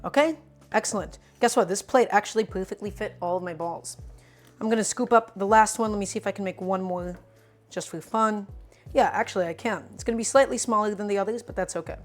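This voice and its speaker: A young woman with a medium-pitched voice chats briskly and loosely during a casual cooking live stream from her home kitchen. She jokes with viewers and answers their questions while she works, with faint music in the background.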